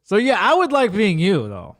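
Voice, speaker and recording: A man's voice: sits high, normal speed. A man hosting a podcast, chatting casually and telling stories in slang, often breaking off and restarting mid-sentence. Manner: animated storyteller with slang and frequent self-interruptions. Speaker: podcast host.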